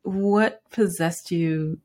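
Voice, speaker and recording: A woman from New York City hosts a podcast interview in a lowish, slightly mellow voice, drawing out her words. She talks casually and rambles, restarting often and using many fillers. She laughs frequently.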